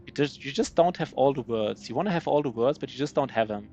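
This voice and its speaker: A man's voice: medium pitch, expressive, fast talker, mellow, highs cut off, soft background music. A man with a German accent, a native German speaker, giving live gameplay commentary in a rambling, self-mocking way with many restarts. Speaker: streamer.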